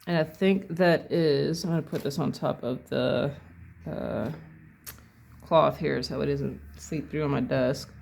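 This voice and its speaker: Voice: medium pitch, steady tone, measured pace, creaky, a little mellow. A painting instructor casually talking through each brushstroke at a desk, thinking aloud and correcting themself as they go. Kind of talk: casual step-by-step painting demo. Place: at a home desk.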